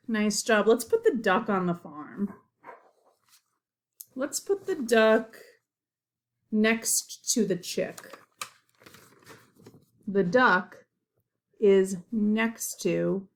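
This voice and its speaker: A woman gives a children's lesson at a very unhurried pace. Her voice has a gravelly, creaky edge, and she sounds gentle and encouraging as she names farm animals. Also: medium pitch. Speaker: teacher. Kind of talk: slow, simple lesson for young children.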